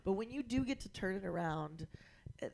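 A woman's voice: medium pitch, expressive, fairly quick, gravelly, darkish tone, a little hiss or hum. A woman in casual podcast chat, talking in a laid-back, rambling way with many fillers.

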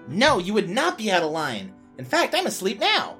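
A woman's voice: mid-range voice, wildly swooping pitch, moderate pace, a bit bright, soft background music, voice pushed up. A woman voicing a cheerful, friendly young girl who explains things kindly.

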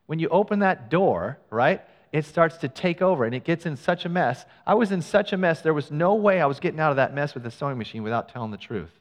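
A middle-aged male pastor telling a personal story in a sermon, animated and acting out what people said. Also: fairly high pitch, quick pace, few pauses. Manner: animated storyteller, acts out quoted lines. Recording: long hall reverb.

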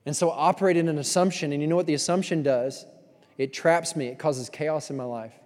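A male pastor preaching a sermon, swinging from loud emphasis to hushed, confessional moments and repeating phrases for weight. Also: on the high side, steady tone, brisk, in a large hall.

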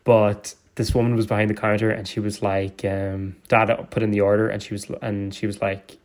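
A man's voice: lowish voice, level tone, a little fast, few pauses. A young man from Donegal with a Donegal Irish accent, telling rambling stories in casual chat and laughing often. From Donegal, Ireland. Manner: rambling storyteller, laughs often, many restarts.

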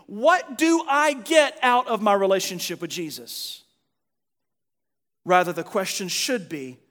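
A male pastor preaching a sermon, earnest, moving from animated emphasis to quiet, soft reflection. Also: high-pitched. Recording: long hall reverb.

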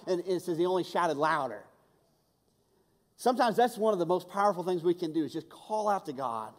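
A man preaching a sermon, swinging between loud urgency and hushed intimacy, often stammering and repeating words. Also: high-pitched, animated, fairly quick. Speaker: pastor. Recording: long reverb of a large hall.

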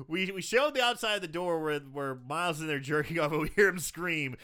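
A man co-hosting a podcast, casually retelling a film's scenes with animated storytelling. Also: on the high side, normal speed. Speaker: podcast co-host. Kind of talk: casual movie recap chat.

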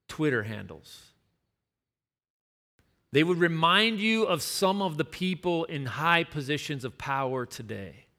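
A pastor preaching a sermon in a relaxed, story-driven way, leaning on repeated words to make his point. He has a fairly high voice for a man, with a forceful, bright edge. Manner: conversational storytelling with emphatic repetition.

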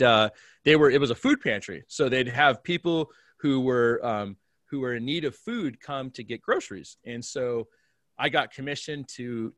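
A man who is a pastor, telling a story in a remote conversation and acting out the dialogue with big swings in pitch and loudness. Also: dry recording, clean studio sound. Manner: animated storyteller, acts out dialogue with big jumps in pitch and volume. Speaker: pastor, guest.

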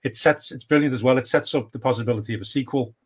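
A middle-aged man co-hosting a casual podcast. He rambles along with plenty of fillers and restarts, his pitch sitting in an ordinary middle range. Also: fast. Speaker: podcast co-host. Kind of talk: casual chat.

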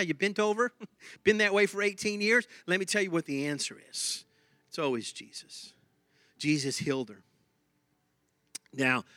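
A male pastor preaching with a bright, forceful voice that sits a touch high. His delivery is animated, with quick repeats and bursts of laughter. The sound is dry and close. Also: no echo. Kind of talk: sermon.

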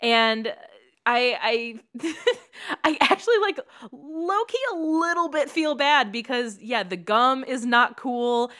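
A woman's voice: a little high, animated, slow pace, fairly bright tone. A woman co-hosting a podcast, chatting casually, giggly and chatty, sometimes swearing. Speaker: podcast co-host. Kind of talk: casual chat.

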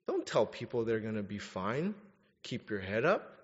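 A young adult man preaching a sermon, candid and animated as he tells personal stories, then direct as he exhorts his listeners. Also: lowish voice, moderate pace. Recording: dull recording in a reverberant hall.

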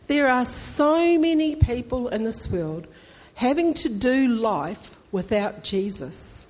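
A woman's voice: on the high side, sing-song, takes it slowly, a little mellow. A woman pastor, preaching a conversational, emphatic sermon that rises into fervent appeals to the congregation. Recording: long hall reverb.

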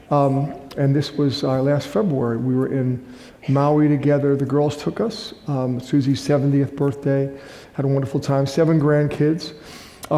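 A man's voice: mid-range voice, warm tone. An older man, a guest pastor, preaching a sermon in a casual, storytelling way with little jokes. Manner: chatty storytelling with self-deprecating jokes. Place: large church hall. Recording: echoey hall from far off.

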